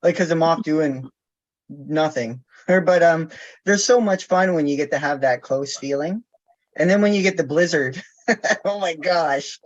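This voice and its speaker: A man's voice: a little high, normal speed. A man calling in to a live chat, telling a story in a chatty, giggly way over a video call. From Canada. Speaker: caller. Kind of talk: casual chat. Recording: dull lo-fi call audio.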